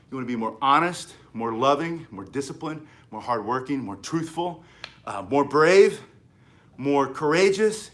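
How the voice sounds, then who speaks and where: A man's voice: medium pitch, fairly bright tone. A man who teaches martial arts, giving an emphatic, preachy talk to camera and acting out the voices of the people he quotes. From United States.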